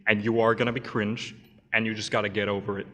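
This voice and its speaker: Dry-humored male panelist, low voice, reverberant hall. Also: level tone, fast talker, sharp tone. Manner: dry, jokey advice-giving. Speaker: animator and YouTuber on a panel. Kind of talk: casual panel chat. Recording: long reverb of a convention hall.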